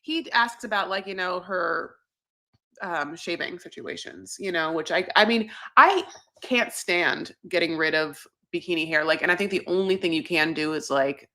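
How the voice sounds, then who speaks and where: A woman's voice: fairly low pitch, moderate pace, sharp tone. A woman co-hosting a casual recap podcast, rambling and bawdy with lots of fillers. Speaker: podcast co-host.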